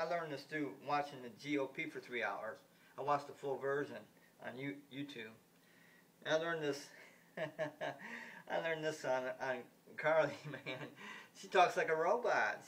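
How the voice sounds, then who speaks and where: Man, a bit high-voiced, rambling vlog rant, stumbles and restarts often, blunt, a touch off-mic. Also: fairly bright tone, far from the mic. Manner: blunt, indignant, swears casually. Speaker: vlogger giving political opinions. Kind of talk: casual rambling monologue.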